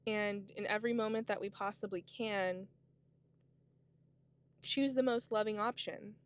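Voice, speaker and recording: Her voice is mid-range and clean, the tone steady and the delivery unhurried. She's a vlogger in her twenties giving a casual, reflective monologue to camera, musing spiritually with lots of "like" and "you know."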